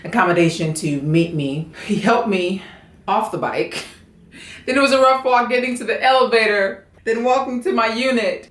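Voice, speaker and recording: A woman's voice: a little high, moderate pace, fairly bright tone. A woman vlogging casually to camera from her apartment, chatty and self-deprecating, talking straight to her viewers. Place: indoors at home, her apartment. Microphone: camera set up on a stand. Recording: roomy, echoey room.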